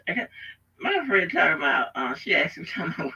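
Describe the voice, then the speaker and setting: A man calling into a live stream for a casual chat, rambling and halting with frequent restarts. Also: high-pitched, wildly swooping pitch, bright, forceful tone, husky. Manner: laughing, rambling, halting speech. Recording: distant muffled call audio.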